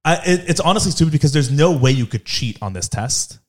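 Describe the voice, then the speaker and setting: A man in his twenties chatting casually, frank and relaxed, swearing freely. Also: on the high side, fast talker. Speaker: co-host, law school applicant. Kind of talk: casual family chat.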